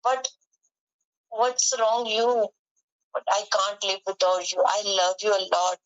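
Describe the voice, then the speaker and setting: A woman's voice: mid-range voice, slow, clear, resonant tone, highs cut off, natural voice. A woman voicing a remorseful husband who begs his lost wife for forgiveness, in a pleading, apologetic way.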